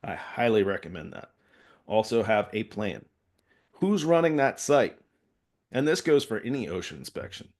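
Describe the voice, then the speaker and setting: A man's voice: fairly low pitch, expressive, normal speed, darkish tone. A man working as a safety consultant gives a workplace safety training talk in a conversational way, often checking in with his listeners. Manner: conversational, peppers points with "all right?" check-ins.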